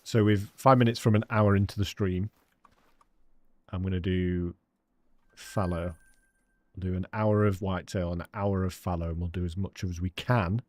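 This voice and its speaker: Chatty English male game streamer, low voice, dry close-mic home setup, lots of laughs. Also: fairly even intonation, moderate pace, pauses often, a little mellow, dry recording. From England. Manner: chatty, laughs often, calls viewers mate. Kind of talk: casual live-stream chat. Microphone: studio dynamic microphone.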